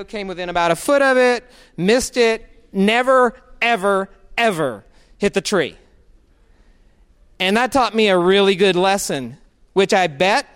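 Motivational speaker, male, high and clear, storytelling, drops low and slow for emphasis, hall reverb. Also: a bit bright. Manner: storytelling, acts out his own inner voice; slows down and lowers his voice for emphasis. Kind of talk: motivational talk.

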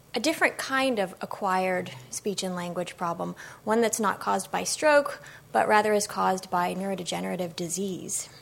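A woman's voice: mid-range voice, gravelly, fairly bright tone. A woman speech-language pathologist giving a public talk, explaining in a conversational way with many ums. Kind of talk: public lecture.

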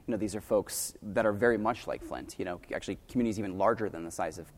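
A man speaking on a panel, earnest and emphatic, talking in long rushing sentences. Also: lowish voice, big-room sound. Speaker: panelist on farming and water policy. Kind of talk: panel discussion.

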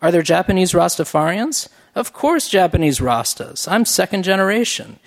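A man voicing a cheerful, loud office worker who speaks with a labored, exclamatory Jamaican accent. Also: high-pitched, lively intonation, normal speed, voice pushed up. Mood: proud. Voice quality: overloud, gummy, exclamatory.

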